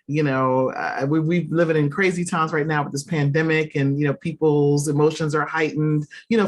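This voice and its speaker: A woman in a casual discussion, animated and self-deprecating, telling homely examples. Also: deep voice.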